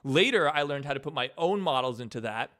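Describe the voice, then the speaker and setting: A man of ordinary pitch talks on a casual stream about his own animation work. He is relaxed and joking, swears freely and breaks into laughs. His tone stays loose and conversational. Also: fast, clear, resonant tone, no echo, studio quality. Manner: laid-back, swears casually, laughs often. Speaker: animator and channel host.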